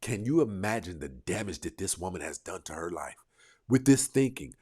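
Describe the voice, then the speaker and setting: A man's voice: low-pitched, big pitch swings, moderate pace, darkish tone, breathy edge. A man hosting a livestream, casually commenting and reacting to viewers' comments, talking back to the chat with bursts of laughter. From United States.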